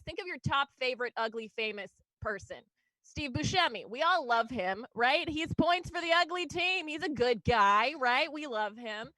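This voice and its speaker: A woman doing a stand-up comedy set, her voice sitting on the higher side. She rambles, leans on fillers and small laughs, and turns every joke back on herself. The sound is dry and close. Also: sharp tone, dry recording, rough recording. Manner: rambling, self-deprecating, frequent fillers and laughs. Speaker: stand-up comic.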